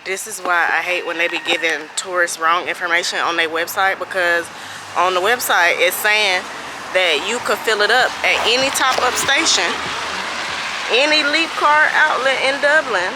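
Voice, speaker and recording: A woman's voice: fairly low pitch, moderate pace, noisy background. A woman travel vlogger talking in a casual, chatty, slangy way. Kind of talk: casual vlog chat.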